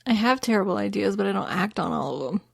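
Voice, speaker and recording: A woman's voice: mid-range voice, expressive, fast talker, vocal fry, husky, no echo, studio quality. A woman hosting a podcast in casual chat, chatty and self-deprecating. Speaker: podcast host.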